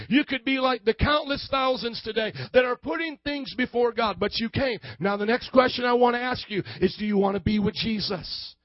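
Male pastor, very high-pitched, preaching with shouts and call-and-response; dry, dull lo-fi sound. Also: no echo. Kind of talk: sermon.

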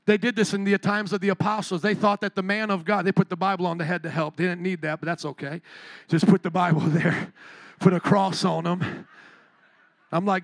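A male pastor preaching a sermon, telling a story with lively energy and questions to the congregation. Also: high-pitched, no room sound. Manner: animated storytelling, talks to the congregation. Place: church.

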